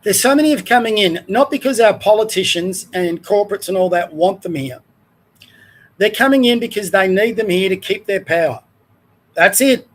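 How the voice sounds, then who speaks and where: A man's voice: high voice, expressive, moderate pace. Fired-up Australian man ranting. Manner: rambling, heated, wanders off mid-sentence. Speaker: show host. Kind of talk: ranting commentary.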